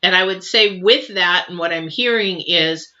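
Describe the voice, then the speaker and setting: Bright-voiced woman doing a chatty tarot reading. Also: on the low side, normal speed. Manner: emotive, chatty, reassuring, with many fillers and restarts. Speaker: tarot reader. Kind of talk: live tarot reading and viewer Q&A. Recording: dull lo-fi sound.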